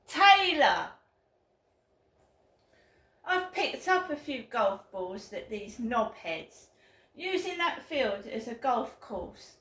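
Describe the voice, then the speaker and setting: Angry woman vlogger, high voice, slow bitter delivery, roomy echo. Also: big pitch swings. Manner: bitter, swearing, shouting outbursts. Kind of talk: angry ranting vlog. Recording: roomy echo, mic at a distance.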